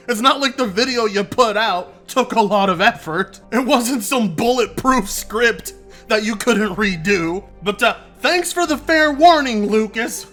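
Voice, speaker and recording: A man's voice: very high-pitched, sharp tone. A man doing sarcastic, mocking reaction commentary on a video clip. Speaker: commentary YouTuber.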